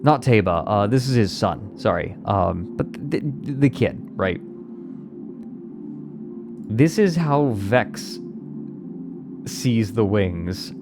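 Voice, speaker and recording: A man's voice: lowish voice, lively intonation, takes it slowly, long pauses, over music. A man streaming live, chatting casually and playfully with his viewers and answering their comments as he rambles along. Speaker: livestreamer.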